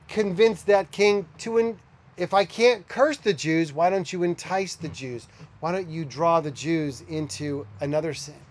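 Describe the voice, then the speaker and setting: A man preaching a sermon as a pastor, conversational, with animated storytelling. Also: high-pitched.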